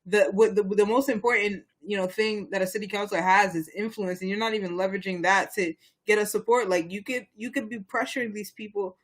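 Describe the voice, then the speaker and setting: Co-host from Boston, young, heated and rambling, medium pitch. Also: steady tone, fairly quick, hardly any pauses, fairly bright tone. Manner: rambling, frequent restarts, heated and emphatic. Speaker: podcast co-host. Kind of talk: casual chat on local politics.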